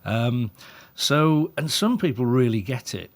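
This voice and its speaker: Casting: male dog trainer, mid-range voice, chatty and animated, slips into quoted voices and chuckles. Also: mid-range voice, measured pace. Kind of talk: conversational interview storytelling.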